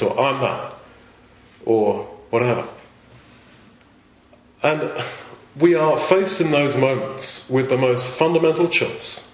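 A man preaching a sermon in an earnest way, asking rhetorical questions and often restarting his phrases. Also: mid-range voice. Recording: echoey, dull lo-fi sound.

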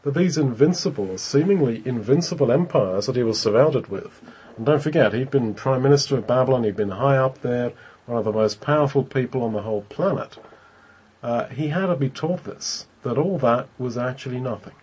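A man preaching a sermon on a scripture passage. He speaks in a thoughtful, halting way, often repeating words as he searches for how to say things. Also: medium pitch, a little mellow, husky, rough recording.

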